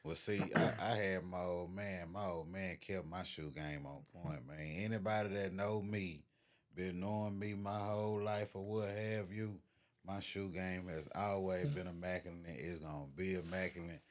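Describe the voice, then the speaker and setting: A man in casual conversation, talking in a relaxed, conversational way and often checking in with his listener. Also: sits low, normal speed. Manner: laid-back, peppers speech with "you know what I'm saying".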